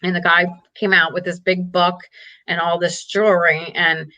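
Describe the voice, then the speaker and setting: A woman's voice: lowish voice, little pitch movement, moderate pace, pushed and bright. A middle-aged woman telling a personal family story as an interview guest, candid and earnest, often saying "like". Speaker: guest, parent advocate.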